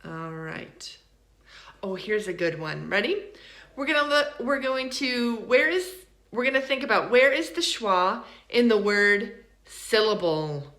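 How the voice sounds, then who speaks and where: A woman teaching English pronunciation in a recorded lesson, saying each example word slowly and then repeating it for learners. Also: mid-range voice, animated, a bit bright, echoey room. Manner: slow, deliberate, repeats model words for learners.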